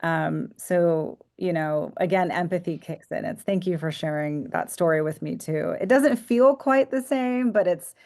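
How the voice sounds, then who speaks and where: Woman, low voice, psychotherapist, reflective, soft-spoken, podcast interview. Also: a little slow, hardly any pauses. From United States. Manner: reflective, soft-spoken, drifts into hushed tones. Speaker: psychotherapist guest.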